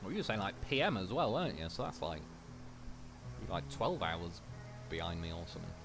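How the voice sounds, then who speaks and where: A man's voice: low voice, sing-song, brisk, over music. A young man livestreaming a game, chatting casually and rambling through anecdotes, swearing freely. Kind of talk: casual chat while gaming.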